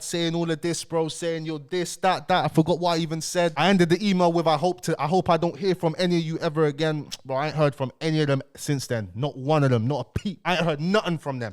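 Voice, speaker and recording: A young man telling a story to camera in a casual, slangy way, repeating phrases and dropping his voice for calm asides. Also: fairly high pitch. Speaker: YouTuber.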